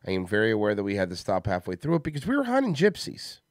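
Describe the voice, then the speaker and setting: Animated, rambling comedy podcast host. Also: male voice, on the low side, fast talker, dry recording, clean studio sound. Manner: rambling, joking, provocative banter. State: tired, worn out from a busy day. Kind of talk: casual comedic chat.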